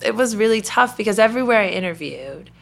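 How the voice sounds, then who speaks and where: A middle-aged Southern-accented woman from Kentucky, president of a company, tells her story as a guest in a chatty interview full of fillers. Her medium-pitched voice is animated, fast, and creaky.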